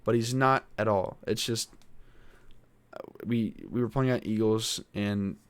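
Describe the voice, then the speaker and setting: Low-voiced teen boy venting, swearing. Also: steady tone, slow, smooth, dry recording. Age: teens. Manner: frustrated, swearing, rambling. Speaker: podcast host. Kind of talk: casual venting monologue.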